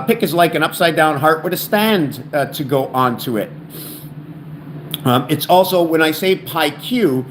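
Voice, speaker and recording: A man with a slightly high, fairly bright voice hosts his own video channel, laying out theories on words and numbers. His solo talk rambles, stumbling over restarted words as he thinks aloud. There's slight background noise from the home camera recording.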